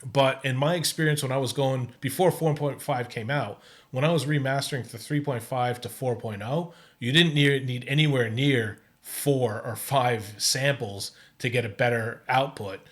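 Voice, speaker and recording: A man hosting his own video, thinking aloud in casual commentary with many stops and restarts. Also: mid-range voice. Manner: halting, many restarts and fillers. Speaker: host testing an AI music tool. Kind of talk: casual screen-recorded commentary.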